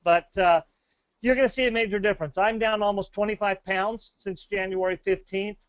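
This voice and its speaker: Upbeat high-voiced man pitching a webinar. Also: steady tone, normal speed, no echo. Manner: upbeat, rambling, many fillers and restarts. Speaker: webinar presenter.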